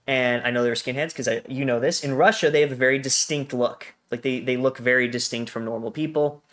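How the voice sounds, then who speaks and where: Animated American man telling stories. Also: mid-range voice, fairly quick. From Colorado, USA. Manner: animated storytelling, laughs often. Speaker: guest. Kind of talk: casual conversation.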